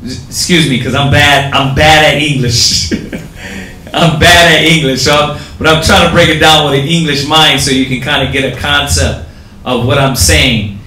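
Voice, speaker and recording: A man teaching a class, explaining things casually and haltingly with many fillers. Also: fairly high pitch, steady tone, pushed and bright. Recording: echoey room with faint ambience.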